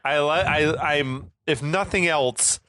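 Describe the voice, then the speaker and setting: A man in his thirties or forties co-hosting a podcast, enthusiastic and quick to laugh, swearing casually over a beer. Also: fairly high pitch, sharp tone, no echo, studio quality. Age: 30s to 40s. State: slightly tipsy from beer. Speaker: podcast co-host. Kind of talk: casual chat.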